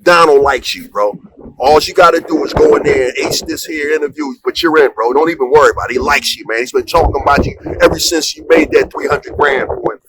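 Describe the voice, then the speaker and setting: A man's voice: fairly high pitch, fairly quick, far from the mic, lightly acted. A man voicing a laid-back young male buddy who reassures a friend in casual slang, in a comic story. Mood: reassuring. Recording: clear background noise.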